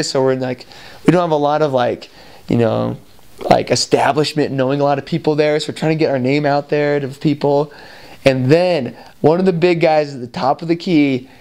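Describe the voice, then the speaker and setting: A man's voice: a little high, darkish tone, clean tone. A young man from the United States casually telling a story about his missionary days, full of fillers and asides. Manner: rambling, full of "like" and "you know". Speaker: returned missionary.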